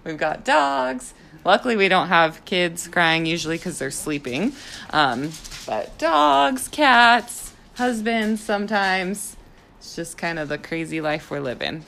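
Low-voiced agreeable young woman. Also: lively intonation, a little slow, gravelly, slight background noise. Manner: warm, agreeable listener, chiming in often. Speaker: podcast co-host. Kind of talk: casual chat.

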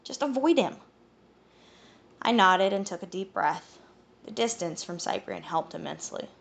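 A woman reading a first-person novel aloud as an audiobook narrator, with an even, storytelling delivery. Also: lowish voice, moderate pace, gravelly.

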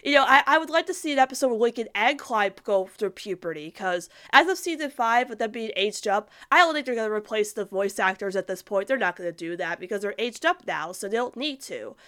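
A woman's voice: on the high side, animated, fairly quick, few pauses, a bit bright. A young woman chatting casually as a host, rambling with lots of fillers and restarts while reading viewer comments. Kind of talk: casual fan chat.

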